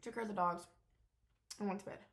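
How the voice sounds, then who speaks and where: A woman's voice: mid-range voice, steady tone, quick pace, fairly bright tone. A young woman giving a casual, unscripted vlog update, talking candidly with lots of fillers and the odd swear word. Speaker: vlogger.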